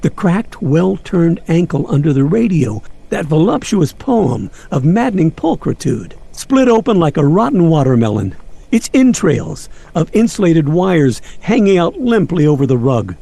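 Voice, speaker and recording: Gravelly man with wry narration. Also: a little high, big pitch swings, moderate pace, warm tone. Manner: wry, florid storytelling. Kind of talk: nostalgic storybook narration.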